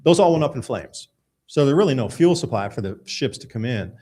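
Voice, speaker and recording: A man's voice: medium pitch, lively intonation, brisk, warm tone, breathy edge. A man hosting a live radio show, talking casually and emphatically while walking through news articles. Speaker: host.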